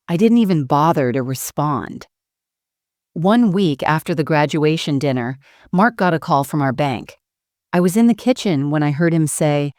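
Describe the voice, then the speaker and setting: A middle-aged woman narrating a first-person family story in a steady, dramatic storytelling manner. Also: low voice, measured pace, no echo, studio quality.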